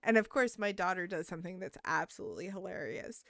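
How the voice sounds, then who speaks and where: A middle-aged woman hosting a casual podcast chat, telling lively stories and acting out what people said. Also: lowish voice, fast talker, dry recording, clean studio sound. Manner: animated storyteller, acts out quotes. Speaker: podcast host.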